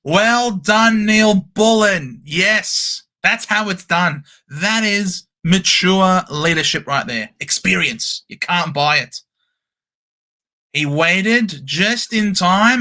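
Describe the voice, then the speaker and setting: A man hosting a live-stream football watchalong, calling the play with animated cheers and banter. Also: a little high. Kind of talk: excited live sports commentary.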